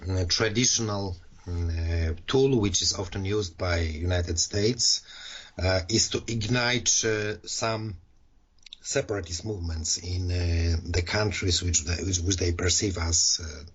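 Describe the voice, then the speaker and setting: Husky low-voiced man, halting delivery. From Poland. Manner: hesitant, many fillers and restarts. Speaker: podcast co-host. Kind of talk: casual political discussion. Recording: dull lo-fi sound.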